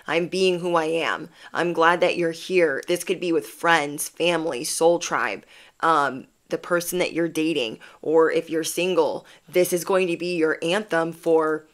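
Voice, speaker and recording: A woman with a fairly low voice does a tarot reading in a loose, chatty style. She throws in plenty of slang and keeps hyping her viewers up as she talks. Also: normal speed. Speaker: tarot reader. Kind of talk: casual pick-a-card chat.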